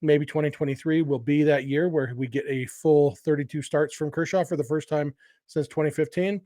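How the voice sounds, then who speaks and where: A middle-aged man chats through a sports podcast in a casual, think-out-loud way, full of fillers and small restarts. His voice sits a little high for a man. The recording is close and dry, with no room sound. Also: steady tone, normal speed, no echo. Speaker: podcast host.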